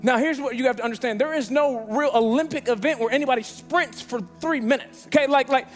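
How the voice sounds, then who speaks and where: A man preaching as a guest pastor, telling a funny story in a lively way and acting out the people in it. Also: fairly quick, soft background music. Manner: animated, acts out quoted voices with big pitch jumps. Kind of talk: storytelling sermon.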